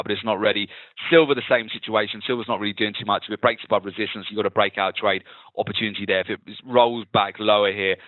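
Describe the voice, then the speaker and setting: A man hosting a live trading webinar, calmly talking viewers through market charts. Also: fairly low pitch, dry recording. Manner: steady, explanatory, talks through charts. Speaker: webinar host and trading analyst. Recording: tinny phone-like webinar audio.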